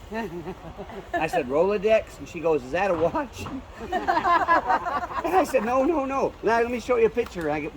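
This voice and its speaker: This high-voiced man, a folk musician and storyteller, trades in old, corny jokes at an outdoor festival, laughing at his own punchlines between songs. A guitar plays in the background, and the audio quality is poor.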